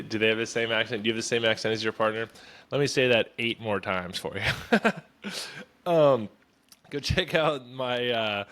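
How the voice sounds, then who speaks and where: A man's voice: mid-range voice, a bit bright. A man hosting his own podcast, explaining a topic in a chatty, loose way with plenty of fillers and side remarks. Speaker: podcast host. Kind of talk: casual solo explainer.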